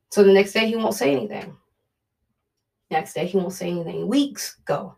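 A woman's voice: lowish voice, normal speed, vocal fry, pauses often, a little mellow. A woman giving an earnest, conversational devotional talk, often repeating her points. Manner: earnest, repetitive, conversational preaching. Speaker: preacher. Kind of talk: devotional teaching.

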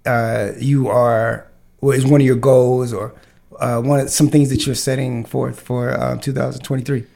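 A man's voice: mid-range voice, little pitch movement, moderate pace, gravelly, noisy background. A man hosting a casual podcast chat, talking with many fillers and restarts. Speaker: podcast host.

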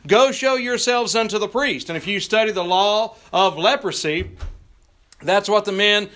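A man preaching a sermon, reading scripture slowly for emphasis and adding folksy asides with frequent "uh" fillers. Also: high voice, a bit bright. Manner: preaching with scripture reading in King James wording, drawn out for emphasis. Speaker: pastor.

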